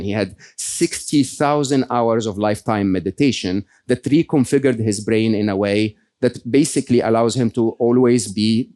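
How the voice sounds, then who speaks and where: A middle-aged man speaking to a live audience, telling stories and acting out quotes, questioning the room as he talks. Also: medium pitch. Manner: animated storytelling, acts out quotes, asks the audience questions. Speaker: speaker on happiness, podcast host.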